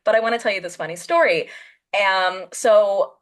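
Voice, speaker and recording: A woman with a mid-range voice hosts a podcast via video call, speaking at a moderate pace. She tells her story in a relaxed, animated style and performs the voices of the people she quotes.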